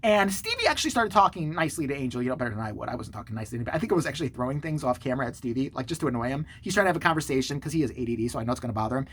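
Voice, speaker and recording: A man hosting his own channel, telling a story to the camera in a sarcastic, profane, animated way. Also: mid-range voice, racing, hardly any pauses, husky. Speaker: channel host.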